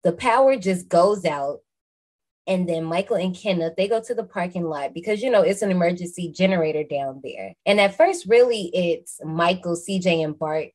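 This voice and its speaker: A woman hosting a podcast, recapping a movie in a lively, slangy, casual way with some swearing. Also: fairly low pitch, normal speed. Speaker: podcast host.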